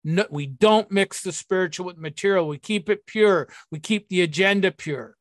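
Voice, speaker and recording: A man's voice: sits high, moderate pace, no room sound. A man giving a blunt, profane talk on recovery and sponsorship, acting out the people he quotes.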